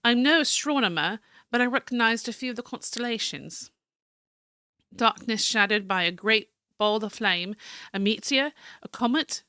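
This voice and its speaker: A woman's voice: mid-range voice, moderate pace, pushed and bright, clean tone, no echo, studio quality, lightly acted. A woman voicing a stiff, proud male cartographer, reading his journal aloud in a formal, slightly fancy manner with small stumbles. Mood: musing.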